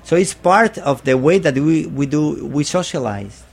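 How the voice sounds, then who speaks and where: A man speaking English as a second language, chatting as a guest, halting and repeating words as he searches for phrasing. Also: on the high side, lively intonation, vocal fry, husky. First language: not English. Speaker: guest artist. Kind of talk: casual interview chat.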